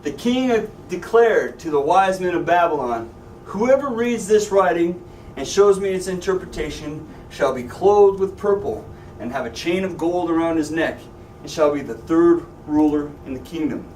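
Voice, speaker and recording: A man's voice: a little high, animated, normal speed, few pauses, darkish tone, a little hiss or hum. A man teaching a Bible class, joking and asking his students questions. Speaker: Sunday school teacher. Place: church classroom. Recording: echoey room, voice from a distance.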